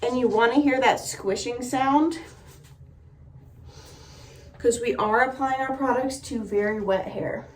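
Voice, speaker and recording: A woman's voice: on the high side, a little slow, long pauses, a little hiss or hum. A young woman giving a casual hair tutorial in a chatty, friendly way with lots of fillers, slightly out of breath. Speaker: beauty vlogger. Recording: roomy echo, mic a bit distant.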